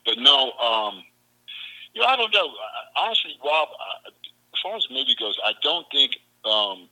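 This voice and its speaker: A man's voice: mid-range voice, very animated, normal speed, sharp tone, rough recording. A man with a Southern accent hosting a casual chat, talking in a rambling, stop-start way.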